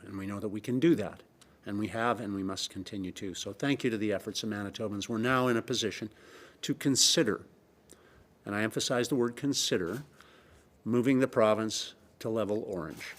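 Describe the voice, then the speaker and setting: A middle-aged man with a Canadian accent, giving a measured, emphatic government press briefing statement with frequent pauses. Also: on the low side. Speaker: provincial premier.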